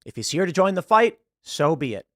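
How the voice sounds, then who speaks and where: Guy doing political commentary online, emphatic, keeps repeating himself, lively swings in pitch. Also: brisk, dry recording, studio quality. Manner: emphatic, repeats words when heated.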